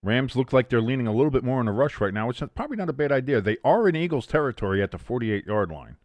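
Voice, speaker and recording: A man hosting a live game watch-along, calling plays and chatting with loud, profane tangents. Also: medium pitch, very fast, dry recording. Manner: animated play-by-play mixed with profane rants. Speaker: host.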